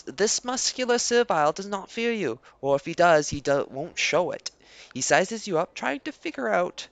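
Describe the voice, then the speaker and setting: Gravelly let's play narrator, man. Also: sits high, no echo. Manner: reads game text aloud, playful asides. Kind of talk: game playthrough narration.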